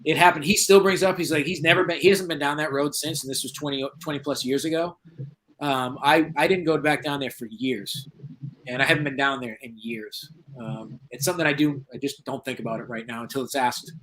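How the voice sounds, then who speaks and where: A man's voice: mid-range voice, fairly quick, a little hiss or hum, low-quality recording. A man in his forties from New England, a paranormal investigator telling a story in a casual interview, acting out the dialogue. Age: 40s. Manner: animated storyteller, acts out quoted dialogue. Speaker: paranormal investigator, podcast guest.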